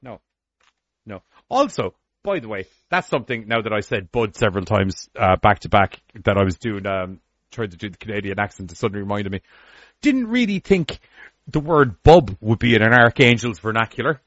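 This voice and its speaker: A man's voice: lowish voice, animated, moderate pace, a bit bright, no room sound. A man co-hosting a podcast in casual chat, swearing and riffing animatedly. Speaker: podcast co-host. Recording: lo-fi dry recording.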